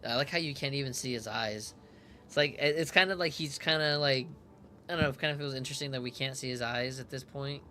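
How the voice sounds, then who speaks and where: Young dude doing a chill let's-play, super bright cutting voice, kinda rambly. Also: male voice, medium pitch, slight background noise. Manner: rambling, hedging with "kinda like", quick to laugh. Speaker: streamer reacting to a game. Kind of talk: casual let's-play commentary.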